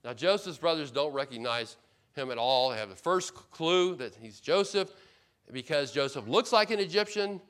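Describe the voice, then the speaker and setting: A man's voice: mid-range voice, a bit bright. A man preaching an expository sermon as pastor, earnest and emphatic, repeating key points and often restarting mid-phrase.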